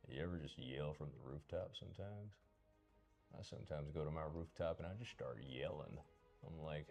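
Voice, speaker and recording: A man streaming as he paints, thinking aloud in a mumbled, unhurried way. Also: very deep voice, expressive, vocal fry, soft background music. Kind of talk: casual commentary while painting.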